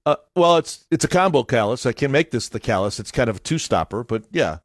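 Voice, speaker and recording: A man's voice: medium pitch, animated, a little fast, dry recording, studio quality. A man hosting a morning radio show, telling a long rambling story in casual banter with his co-hosts. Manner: rambling storyteller with lots of restarts. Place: radio studio. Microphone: studio mic.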